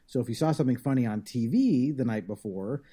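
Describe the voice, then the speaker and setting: A man's voice: medium pitch, lively intonation, brisk, mellow, slightly rough. A man chatting on a podcast in a thoughtful, explanatory way. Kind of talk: casual podcast chat.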